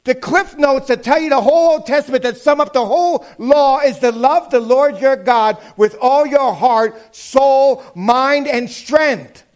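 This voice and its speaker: A male pastor preaching a sermon, emphatic, swinging from loud shouted lines down to quiet asides. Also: very high-pitched, measured pace, few pauses. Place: church sanctuary.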